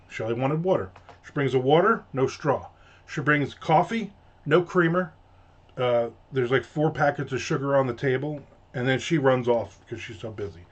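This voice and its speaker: A man telling a casual, exasperated story with animated voices and free swearing. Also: on the high side, fairly quick. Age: adult.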